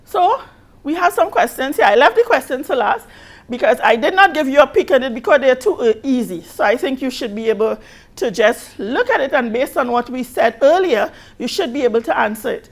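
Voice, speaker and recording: A woman with a Caribbean accent, a biology teacher giving an exam review lesson, patiently rereading questions slowly and stressing key words. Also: high voice, expressive. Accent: Caribbean English.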